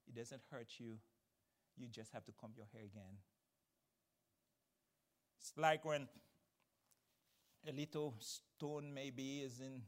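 A man preaching a sermon, swinging from loud, emphatic declarations to quiet, explanatory teaching. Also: medium pitch.

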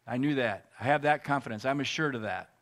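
A man's voice: mid-range voice, a bit bright. Earnest male pastor telling his story. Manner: earnest, emotional storytelling with pauses. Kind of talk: sermon with personal testimony.

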